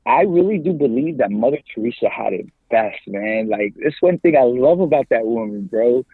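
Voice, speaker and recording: A man in his forties, a podcast guest and campus minister, talking in a lively, slangy way and laughing often. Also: medium pitch, normal speed, slightly rough, dry recording. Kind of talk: casual interview talk. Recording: tinny phone-like line, dry.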